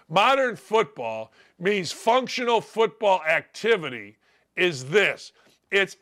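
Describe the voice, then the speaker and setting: An older man hosting a sports radio show, ranting bluntly and mockingly, his voice gravelly from days of yelling. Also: sits high, very animated, normal speed. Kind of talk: opinionated sports radio rant.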